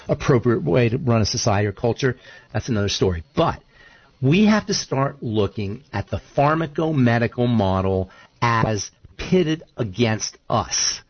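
A man co-hosting a radio talk show, an animated storyteller who voices the figures in his stories. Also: medium pitch, husky, dry recording, highs cut off. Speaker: co-host.

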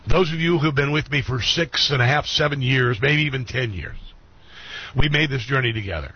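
A man's voice: fairly high pitch, expressive, normal speed, breathy edge, no echo, dull audio. A middle-aged man hosting a talk radio show, speaking earnestly to his listeners and repeating key phrases for emphasis. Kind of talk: heartfelt monologue to listeners. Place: radio studio.

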